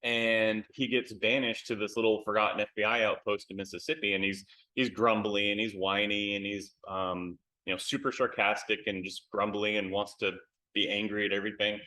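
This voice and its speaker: American guy, lowish bright voice, chatty and candid, lots of ums, video call interview. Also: little pitch movement, normal speed, low-quality recording. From United States. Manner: candid, lots of fillers and repeated words. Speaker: author, interview guest. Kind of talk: casual interview chat.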